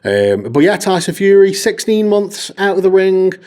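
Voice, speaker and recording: A man's voice: high voice, very animated, moderate pace, a little mellow. A man co-hosting a podcast in casual chat, sweary and rambling, laughing often and filling gaps with ums. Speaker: podcast co-host.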